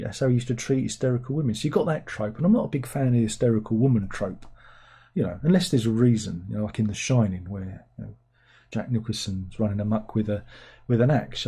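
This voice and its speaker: Man, film reviewer, very mellow dark tone, husky, sarcastic, rambling casual monologue. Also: on the low side.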